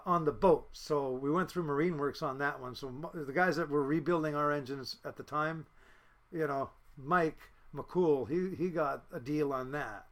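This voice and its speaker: A man in his fifties from the United States, a fishing boat captain telling blunt, salty, rambling stories as a podcast guest. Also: on the high side. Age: 50s. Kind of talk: casual storytelling.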